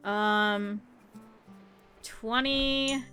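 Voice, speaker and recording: A woman's voice: a little high, steady tone, very slow, sharp tone, soft background music. A woman streamer chatting to her viewers over gameplay, swearing freely and reacting to the game as she plays. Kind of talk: casual gameplay commentary.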